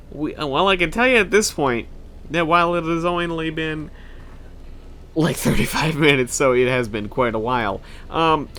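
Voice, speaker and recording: A man's voice: mid-range voice, bright, forceful tone, a little hiss or hum. A young man giving let's play commentary, grumbling sarcastically and swearing as he plays. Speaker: gaming video host.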